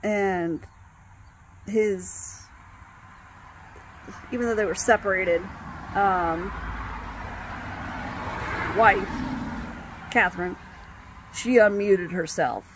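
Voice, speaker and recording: A woman telling a personal story in a casual, halting way, with many pauses and restarts. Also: medium pitch. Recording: faint background noise.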